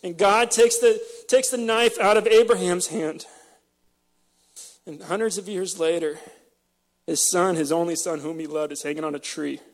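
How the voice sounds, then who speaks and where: A man's voice: high voice, normal speed. A man preaching a sermon with passion, emotional and choked up, often repeating words as he presses a point. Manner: impassioned, emotional, repeats words when stirred. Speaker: pastor.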